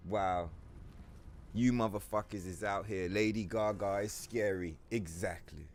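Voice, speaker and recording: A man's voice: on the low side, measured pace, a little hiss or hum. A young man streaming a game, ranting casually with lots of profanity and playful mock voices. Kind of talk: casual livestream rant while gaming.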